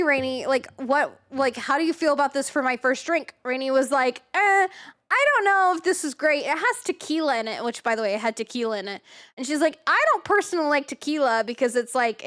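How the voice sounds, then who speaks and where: A young woman streamer telling a story in a casual, animated way, swearing freely and acting out what people said. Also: high voice.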